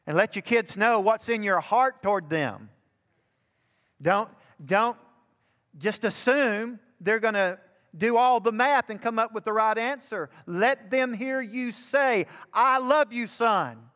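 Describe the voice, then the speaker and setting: An older pastor preaches in a high voice that climbs with fervent emphasis. His words ring out with a long reverb, as if filling a church sanctuary. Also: slow, fairly bright tone. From Alabama. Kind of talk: sermon.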